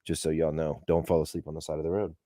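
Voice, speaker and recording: A man's voice: very deep voice, level tone, fast, mellow, no room sound, studio quality. A man telling stories in casual, rambling, profane talk to a live audience, laughing as he goes. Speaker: podcast host.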